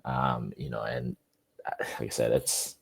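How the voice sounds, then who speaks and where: A man co-hosting a boxing podcast, talking in a relaxed, rambling way with lots of filler words. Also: a bass voice, measured pace, creaky, husky. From Philippines. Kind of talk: casual chat.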